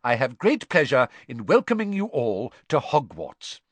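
A man's voice: mid-range voice, big pitch swings, measured pace, a bit bright, no room sound. A man voicing a genial, beaming elderly wizard headmaster giving a stately welcome.

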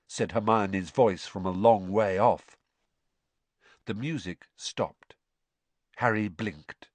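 A man narrating an audiobook in an expressive reading style. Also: lowish voice, slow, pauses often, no echo. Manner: expressive reading with lively voice changes.

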